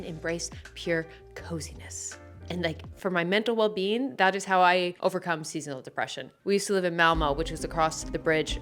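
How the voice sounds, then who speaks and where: A woman with a Canadian accent talking casually to camera as a wellness YouTuber, chatty and upbeat with jokey asides. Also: lowish voice.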